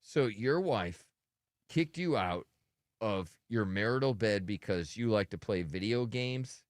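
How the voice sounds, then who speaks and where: A man hosting a comedic radio show, bantering casually and acting out other people in quick asides. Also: on the low side, animated, no echo, clean studio sound. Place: radio studio. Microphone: studio microphone.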